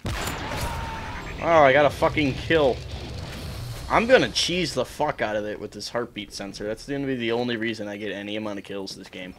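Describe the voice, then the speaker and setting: A man's voice: mid-range voice, normal speed, fairly bright tone, a little hiss or hum. A young man ranting and swearing in frustration while commenting on his own gameplay. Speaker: gaming streamer.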